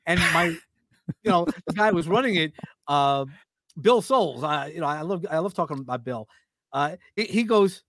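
A man's voice: a little high, normal speed, dry recording, clean studio sound. A man from Brooklyn, chatting casually and telling stories, acting out other people's lines. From Brooklyn, New York. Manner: animated storyteller acting out quotes, many restarts. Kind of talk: casual podcast conversation.

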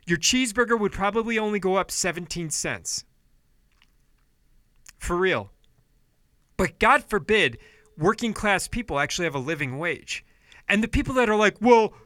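A man's voice: high-pitched, no room sound, clean studio sound. Heated, cursing male podcast host. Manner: heated, profane, swings between yelling and apologetic quiet. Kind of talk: ranting political commentary podcast.

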